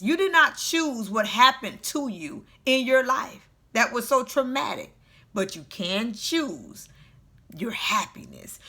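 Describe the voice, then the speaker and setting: A middle-aged woman giving an earnest motivational talk, repeating phrases for emphasis and sometimes dropping to a hush. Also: on the high side. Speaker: motivational speaker. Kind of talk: personal motivational talk to camera.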